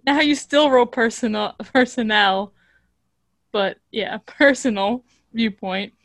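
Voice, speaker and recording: A woman's voice: on the high side, slow pace, vocal fry, fairly bright tone. A woman in casual chat, playful and laughing, coaching the others as they read.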